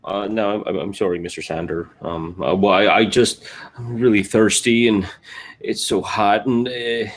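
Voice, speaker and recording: A man's voice: on the low side, fairly even intonation, moderate pace, close to an everyday voice. A man voicing a naive, friendly young male wanderer who talks in an earnest, stammering way. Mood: sheepish. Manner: earnest and chatty, stammering apologies.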